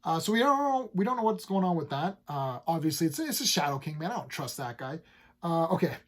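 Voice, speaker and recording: A man's voice: fairly high pitch, very animated, fairly quick, a bit bright. A man casually talking through comic books he has read, upbeat and rambling, full of fillers and restarts. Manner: enthusiastic, paraphrases characters loosely. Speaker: comic book reviewer. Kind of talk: casual comic review chat.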